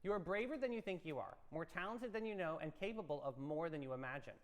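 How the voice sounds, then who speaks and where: Fast and animated, this man's slightly high voice carries a long reverb. He co-hosts a morning show, reading playful horoscopes and telling a funny story in an upbeat, theatrical style.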